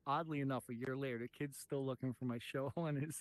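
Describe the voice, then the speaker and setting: A man's voice: medium pitch, fairly even intonation, moderate pace, dry recording. A middle-aged man hosting a comedy talk show, joking around and breaking into laughter. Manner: giggly, breaks into laughter often.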